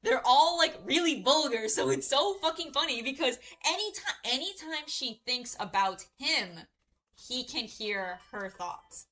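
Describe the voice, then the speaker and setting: A woman's voice: high voice, animated, measured pace, pushed and bright, poor audio. A young woman streamer chatting while doing a craft, rambling through a story, swearing freely and laughing at her own telling. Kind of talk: casual chat while crafting.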